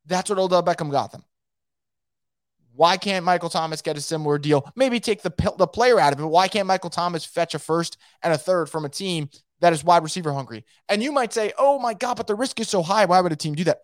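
A man's voice: fairly high pitch, no echo, clean studio sound. Opinionated man hosting a sports podcast. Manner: opinionated, emphatic, rambling. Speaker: podcast host. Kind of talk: solo sports podcast commentary.

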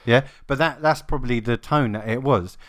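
Mid-pitched man co-hosting a casual chat. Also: moderate pace. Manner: agreeing, explanatory, casual swearing. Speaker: co-host.

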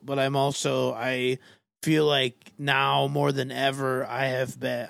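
A man hosting a podcast, chatting casually in a rambling, halting way with many fillers. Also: mid-range voice, vocal fry, a bit bright, no room sound. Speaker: podcast host. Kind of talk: casual chat.

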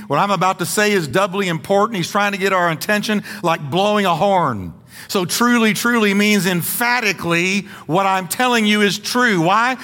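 Emphatic preacher with a bright, ringing voice. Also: male voice, sits high, lively intonation, normal speed, in a large hall. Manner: emphatic preaching, repeating words for stress; folksy humor with the congregation. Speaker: pastor. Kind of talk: sermon. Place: church sanctuary.

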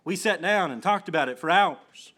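A man's voice: sits high, animated, moderate pace, fairly bright tone. A man pastor preaching an earnest sermon, often restarting phrases and building to emphatic swells.

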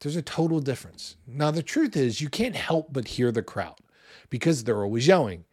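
A man in his forties preaching a sermon in a conversational, animated way, with loud bursts when he acts out what people say. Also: mid-range voice, normal speed, husky, no room sound, clean studio sound. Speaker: pastor.

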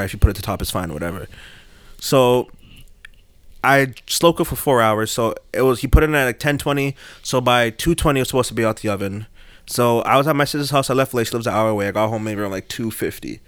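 A young man on a podcast spins a long story, laid-back and rambling, his voice leaping high whenever he laughs. The sound is dry and close, with no room around it. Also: fast talker, fairly bright tone, no echo. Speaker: podcast host. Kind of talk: casual storytelling chat.

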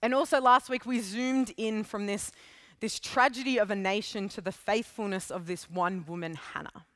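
A young adult woman preacher telling a story in a sermon, in a casual, animated way with asides. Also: mid-range voice, normal speed, dry recording.

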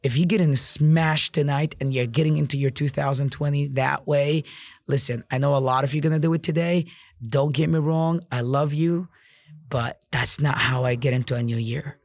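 A man's voice: a little high, steady tone, moderate pace, dry recording. A man hosting a casual motivational podcast monologue, blunt and profane, with lots of "like" and "you know". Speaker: podcast host and business owner.

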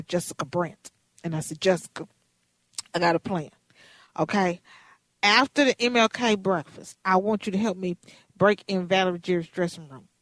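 An animated radio host in her fifties tells a story in a chatty, lively way. Her voice sits in an ordinary middle range for a woman. The sound is dry and close, with no room echo. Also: mid-range voice. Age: 50s.

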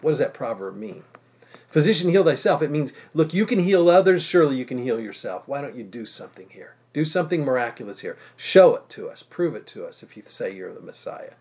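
A man preaching a conversational expository sermon as pastor, emphatic and slowing down to stress key phrases, acting out the crowd's doubting voices. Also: fairly high pitch, animated, darkish tone.

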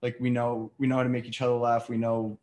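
A man from New York, a podcast guest telling rambling, animated stories in casual chat. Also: medium pitch, quick pace.

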